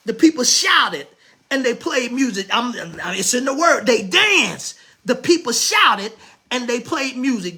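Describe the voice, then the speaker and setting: High, bright, emphatic woman preaching. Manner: animated, emphatic, repeats phrases, bursts into shouts; playful rhetorical questions answered aloud. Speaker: bishop preaching. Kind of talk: sermon.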